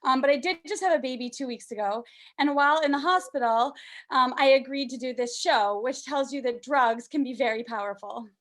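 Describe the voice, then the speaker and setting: Brief: young woman from canada, high voice, stand-up set, self-deprecating, lots of ums. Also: a little fast, fairly bright tone. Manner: self-deprecating, fillers like um, high sing-song put-on voices for baby talk. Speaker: stand-up comedian.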